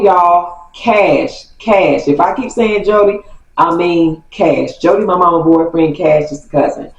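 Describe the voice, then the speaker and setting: A woman tells a family story in a casual storytime style. She is animated, stops to correct herself, and laughs along the way. The recording has a roomy echo, with her voice sitting away from the mic. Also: low voice, a little slow, far from the mic, muffled recording. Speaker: storytime vlogger.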